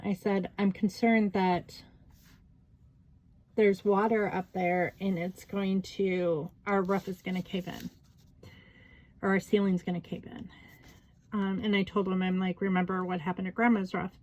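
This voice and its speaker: A middle-aged woman chatting casually to her camera as she works on a craft project. She tells a story in a loose, rambling way, full of "like" and "you know." Her pitch sits at an ordinary middle height for a woman. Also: level tone, a little slow, long pauses, a little mellow, rough recording. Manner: rambling storytelling with many fillers. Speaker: crafting vlogger. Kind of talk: casual chat while journaling.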